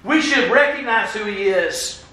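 A high, bright-voiced man preaches to his congregation with animated energy. He acts out the people he quotes as he goes. His voice rings around a large, echoey church. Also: a little slow. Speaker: pastor. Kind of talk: sermon. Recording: roomy church echo.

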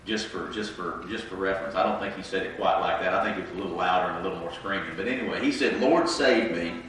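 A man's voice: low-pitched, racing, fairly bright tone, a little hiss or hum. A congested man delivers a conversational, interactive sermon, tossing questions to his congregation. His voice rings through a very echoey church sanctuary, picked up from some distance with faint room ambience behind. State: congested from sinuses. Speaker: preacher.

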